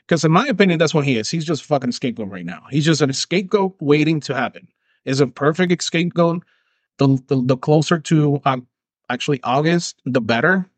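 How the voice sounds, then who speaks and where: A man's voice: a little high, expressive, fairly quick, dry recording. A man in his thirties hosting his own podcast, talking in a casual, profane, rambling way and often slipping into voices for imagined dialogues. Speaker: podcast host. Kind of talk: casual solo commentary.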